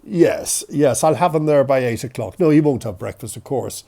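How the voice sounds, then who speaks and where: Brisk commanding mother figure, older woman doctor, voiced by a man with a cold, husky and animated. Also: mid-range voice. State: has a cold.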